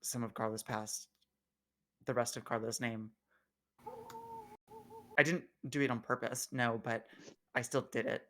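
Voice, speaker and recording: A man playing his character in a tabletop game, talking in an earnest, reflective way with gentle hesitations. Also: medium pitch, fairly even intonation, a little slow, long pauses, a little hiss or hum. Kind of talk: in-character roleplay.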